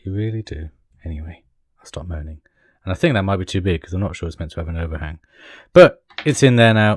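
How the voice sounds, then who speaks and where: A man's voice: sits low, darkish tone, no room sound, studio quality. A man casually talking through a model kit build step by step, with chatty, apologetic asides as he works.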